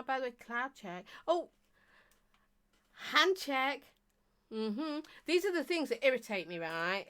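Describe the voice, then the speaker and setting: A woman's voice: mid-range voice, pushed and bright, clear, resonant tone. A middle-aged woman, chatting on a live stream as she reads out viewer comments, teasing and talking non-stop with bursts of laughter. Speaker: vape reviewer and live streamer.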